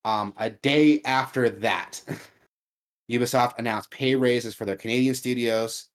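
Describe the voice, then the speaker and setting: A man co-hosting a casual podcast, talking in an earnest, measured way with frequent ums. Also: medium pitch, fairly even intonation. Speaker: podcast co-host.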